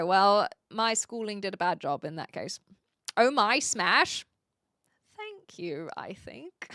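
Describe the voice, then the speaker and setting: A woman's voice: mid-range voice, a bit bright, no room sound, studio quality. A woman streamer in casual livestream chat, reading viewer comments aloud in a chatty, rambling way with frequent laughs.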